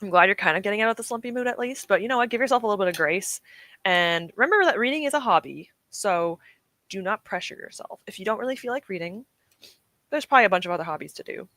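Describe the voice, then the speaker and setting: Bright, chatty young woman streamer. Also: medium pitch, expressive, fast talker, dry recording. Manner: chatty, encouraging, often laughing. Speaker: streamer hosting reading sprints. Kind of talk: casual chat to live chat. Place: at home at her desk.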